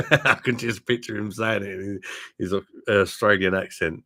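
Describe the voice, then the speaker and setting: A middle-aged man with a low, deep voice talks casually to his live-stream viewers over a webcam mic. He is blunt and laughs often. He swears freely and calls everyone mate. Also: normal speed, pushed and bright. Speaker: beer reviewer and live-stream host.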